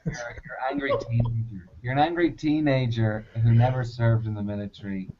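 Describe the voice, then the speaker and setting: Laid-back podcast guy, even-keeled, teases his cohost, dull recording. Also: mid-range voice, over a noisy crowd. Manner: calm, measured, teasing. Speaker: podcast co-host. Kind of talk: casual chat. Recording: slightly muffled lo-fi.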